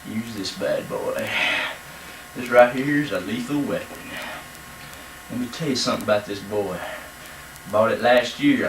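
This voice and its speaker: A man doing a lively bragging deer-hunting pro. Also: a little high, a little hiss or hum. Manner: boastful, rambling, hammy emphasis. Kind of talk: comedy sketch. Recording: echoey room, mic far off.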